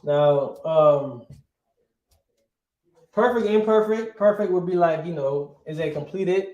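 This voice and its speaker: Man teaching a class, slow deliberate delivery, fairly high voice, keeps asking right?. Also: darkish tone, echoey room, dull audio. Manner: asks questions and answers them, repeats "right?". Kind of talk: classroom grammar lesson.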